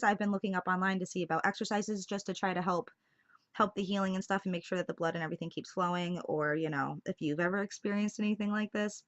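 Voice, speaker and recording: A woman's voice: medium pitch, fairly bright tone. Chatty young woman, dull lo-fi sound. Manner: chatty storytelling, many fillers, laughs through it. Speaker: vlogger. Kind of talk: casual vlog chat to camera.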